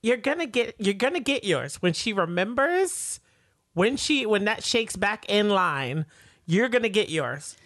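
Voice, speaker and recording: A woman of middling pitch talks emphatically in a casual podcast recap. Her voice sounds dry and close, with no room echo around it. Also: sing-song, unhurried, a bit bright. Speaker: podcast co-host.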